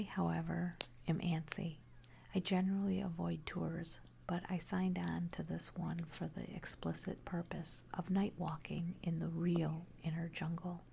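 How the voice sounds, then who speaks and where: A woman narrating a first-person horror story in a hushed, unvoiced whisper throughout. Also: lowish voice, vocal fry, a little hiss or hum.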